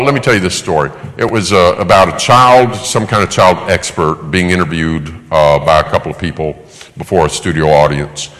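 A man's voice: low voice, big-room sound. A man giving a sermon-style teaching talk, telling stories and acting out the voices of parents and children. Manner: animated storytelling, acts out quoted parents. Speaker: preacher teaching on child discipline.

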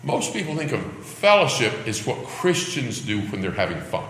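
A man's voice: medium pitch, very animated, normal speed, a bit bright, slight background noise. A man teaching a Bible lesson in a church classroom, emphatic and full of rhetorical questions. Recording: echoey hall with long reverb.

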